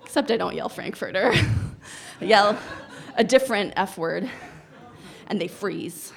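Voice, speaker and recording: Woman in her thirties, storyteller, lively and wry, laughing between lines, mid-pitched voice. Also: a little slow, gravelly. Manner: animated, wry, breaks into laughter. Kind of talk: live personal storytelling.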